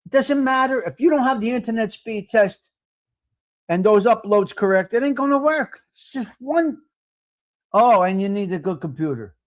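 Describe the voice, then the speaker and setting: A man's voice: high-pitched, lively intonation, moderate pace. A man hosting a live stream, chatting casually and answering viewer comments in a brash, talkative way. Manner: brash, talkative, mixes in Italian phrases.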